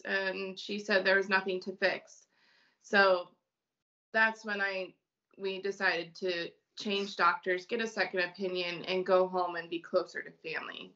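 A woman from Illinois, a mother and podcast guest, telling a personal story slowly and haltingly with many ums. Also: mid-range voice, little pitch movement, bright, forceful tone, dull audio.

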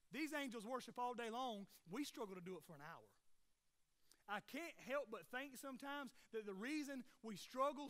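A man's voice: extremely high pitch, bright, forceful tone. A young man preaching a sermon as a pastor, earnest and conversational, full of rhetorical questions.

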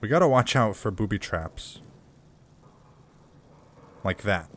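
A man's voice: fairly low pitch, lively intonation, slow pace, a bit bright. A man giving casual, playful let's-play commentary, thinking aloud as he plays a game. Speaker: gaming video creator.

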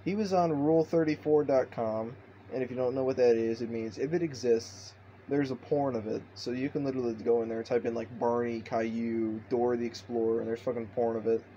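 A man's voice: mid-range voice, fairly even intonation, a little fast, warm tone, muffled recording, a little hiss or hum. A man telling a story in a vlog, rambling and swearing constantly. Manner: profane, rambling.

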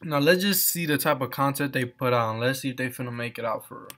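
Over loud music, a man with a medium-pitched voice talks fast, hosting a reaction video as an off-camera voice-over. He mocks what he's watching, swears heavily, and laughs often in this casual commentary.

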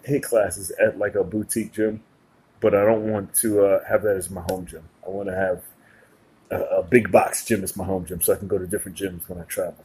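Husky, chatty podcast host. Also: low-pitched, little pitch movement, a little fast, a little mellow. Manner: chatty, laughs often, lots of filler agreement. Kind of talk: casual chat.

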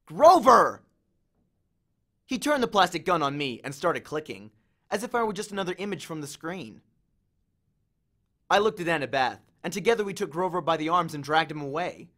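A man's voice: fairly high pitch, brisk. A man narrating a novel in the first person, reading expressively. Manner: expressive storytelling. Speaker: audiobook reader.

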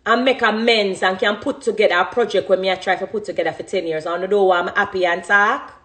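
A woman's voice: mid-range voice, steady tone, quick pace, a bit bright. A woman in her thirties with a Jamaican accent, a dancehall artist giving an impassioned, emphatic monologue and repeating phrases for emphasis.

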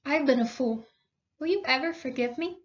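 A woman voicing an apologetic, dejected male mole in a storybook read-aloud, speaking low and contritely. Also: normal speed, lo-fi sound, lightly acted.

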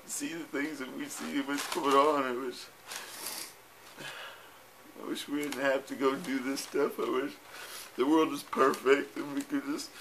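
A man's voice: medium pitch, vocal fry, a bit bright, slight background noise. A man, tearful, recording a rambling and tender video message to his wife, with fillers and swearing. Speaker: husband saying goodbye. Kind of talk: personal video message to camera. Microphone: self-recorded camera.

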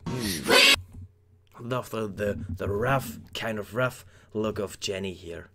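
A man's voice: on the low side, lively intonation, slow pace, sharp tone, slight background noise. A man giving casual reaction commentary, rambling and joking as he talks straight to his viewers. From Germany. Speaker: K-pop reaction YouTuber.

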